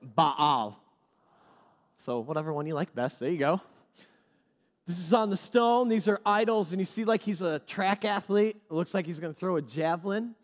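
A male pastor preaching a sermon, animated and repeating key phrases for emphasis. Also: sits high, fairly quick, in a large hall.

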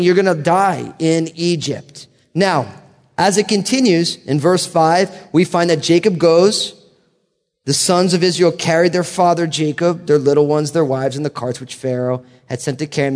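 A man's voice: on the high side, a little mellow. American man teaching the Bible in a hall. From United States. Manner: casual and joking between readings. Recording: long hall reverb.

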